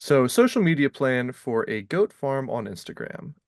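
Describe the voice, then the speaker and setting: A man's voice: mid-range voice, sing-song, moderate pace, no room sound. Man reading as an AI chatbot, orderly and matter-of-fact, dry close sound. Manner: reads a structured answer aloud. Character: AI chatbot answering, plain and orderly. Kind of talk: reading a scripted answer.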